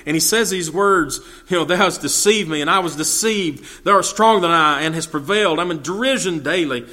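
Speaking in a fairly high, bright and forceful voice, a man works through the Bible verse by verse. He reads the scripture out and then breaks it down in homespun talk, with fillers and false starts along the way.

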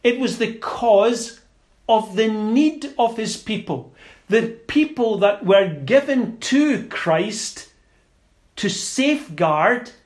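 Man, preacher, sermon, high voice, very slow, emphatic, stumbles over words now and then. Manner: slow, deliberate and emphatic, with small stumbles and repeats.

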